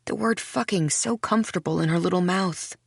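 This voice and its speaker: A woman reading a first-person mystery audiobook in a measured, hushed way. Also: fairly low pitch, gravelly, breathy edge, no room sound, studio quality. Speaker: audiobook narrator. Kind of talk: scripted first-person narration.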